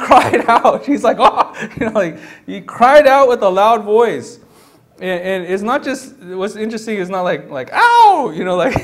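A pastor preaching a sermon in an animated, conversational way, often repeating words and acting out the people he describes. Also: sits high. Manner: animated, repeats words, acts out quoted voices.

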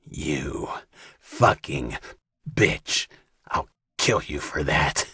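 A man voicing a gloating brutish villain, deep and slow. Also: lively intonation, breathy edge, no echo, clean studio sound, exaggerated voice. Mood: enraged. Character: menacing brutish male captor, leering and cruel.

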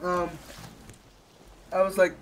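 A young man chatting casually while playing a game with a friend, soft-spoken and low-key. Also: completely flat delivery, takes it slowly, slight background noise, rough recording. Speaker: co-player. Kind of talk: casual gaming chat.

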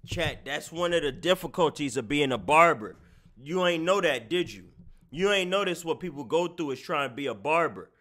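A man's voice: on the high side, normal speed. A man streaming live, reacting to clips and mocking them to his chat in casual talk. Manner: animated, mocking, talks to chat.

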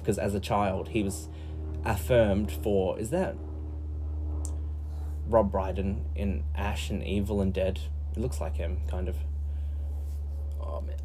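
A young man talks on a live stream in a rambling, profane monologue, his voice low-pitched, mellow and a little husky. He often jumps up into put-on voices for the people he quotes. He seems to be speaking into a headset.

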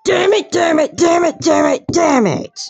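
A man voicing a furious hulking turtle king villain who yells and sulks petulantly in a fan puppet comedy. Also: very high voice, expressive, unhurried, gravelly, soft background music, voice pushed up, heavily acted. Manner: yelling, sulky and petulant. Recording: dull lo-fi recording.

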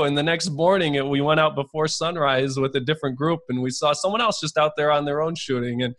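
A man's voice: a little high, quick pace, few pauses, fairly bright tone. A man hosting a podcast, chatty and upbeat, telling stories and leading the conversation. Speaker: podcast host. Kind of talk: casual interview chat.

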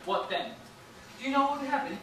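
A man's voice: very high voice, lively intonation, brisk, a bit bright, slight background noise. A young man playing a nervous, blustering city policeman in a school stage play. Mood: flustered. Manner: blustering, flustered, rambling. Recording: echoey stage from far off.

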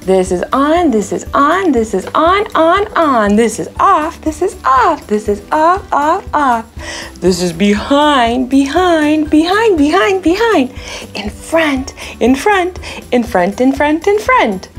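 A woman's voice: high voice, very animated, takes it slowly, faint music behind. A woman hosting a children's learning show, teaching toddlers in a cheerful, repetitive sing-song way during toy play.

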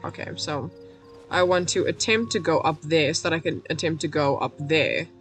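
A woman streaming a game, her voice going hoarse, rambling in a self-mocking way, cracking puns and laughing at herself. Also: sits low, normal speed, soft background music. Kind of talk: casual let's-play commentary.

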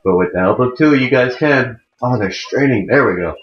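A man's voice: medium pitch, lively intonation, normal speed. Rambling young man, muffled roomy mic. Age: about 18. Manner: rambling, self-correcting, chatty. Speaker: let's play host. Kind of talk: casual gameplay commentary. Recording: muffled mic in a wrong jack, echoey room. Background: faint game music.

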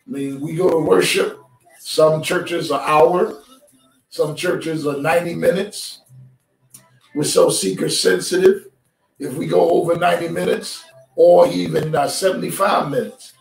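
With a voice on the high side and touched by vocal fry, a pastor preaches a streamed sermon. He addresses his congregation conversationally and calls for their responses. The recording, made from a distance in a roomy church sanctuary, has music faintly in the background.

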